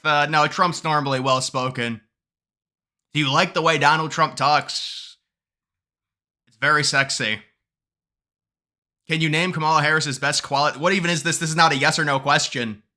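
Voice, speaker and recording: A man's voice: fairly high pitch, pushed and bright. A man hosting a casual live stream, reading chat questions aloud and answering them in a mocking tone, laughing often and tripping over his words.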